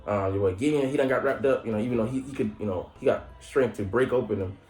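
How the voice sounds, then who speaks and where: A man giving a casual, slangy recap of an anime episode. He laughs often and jumps into high mock voices. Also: fast, a little mellow. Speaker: anime reviewer. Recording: roomy echo with faint music.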